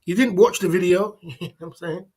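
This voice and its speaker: A man's voice: high voice, brisk, a little mellow, slightly rough. A man hosting a casual livestream, repeating himself insistently and scolding his viewers. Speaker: livestream host. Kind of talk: casual livestream rant to chat.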